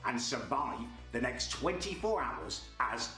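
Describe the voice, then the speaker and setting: A man's voice: mid-range voice, very animated, unhurried, bright, forceful tone, soft background music. A young man ranting in a comic vlog monologue, stumbling over repeated words. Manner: ranting, stammering repetitions. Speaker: comedy video creator.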